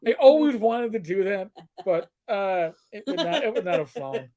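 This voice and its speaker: A middle-aged co-host with a high, warm voice tells stories at a moderate pace, his pitch swinging widely. The chat is casual, full of crude jokes, and he sometimes slips into put-on voices.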